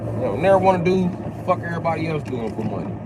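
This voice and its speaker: A man's voice: fairly high pitch, lively intonation, quick pace, noisy background. A man vlogging a blunt, profane rant from his car. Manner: blunt, crude, emphatic. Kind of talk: profane ranting monologue.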